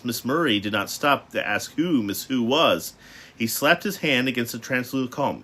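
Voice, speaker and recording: A man's voice: medium pitch, expressive, moderate pace, bright, forceful tone. A man reading a novel aloud, dropping into chatty asides with fillers.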